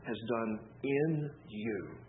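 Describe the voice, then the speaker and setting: A man's voice: mid-range voice, lively intonation, extremely slow. A man giving a sermon as pastor, telling stories in a loose, conversational way with fillers and restarts. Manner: conversational, rambling storytelling with fillers. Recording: phone-like narrow sound, faint hiss.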